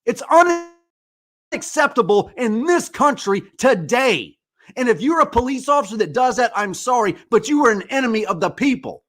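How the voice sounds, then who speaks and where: A podcast host in his forties pours out an angry, impassioned monologue, swearing often. His voice sits high for a man. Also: expressive, moderate pace, fairly bright tone. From United States. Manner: angry, profane ranting.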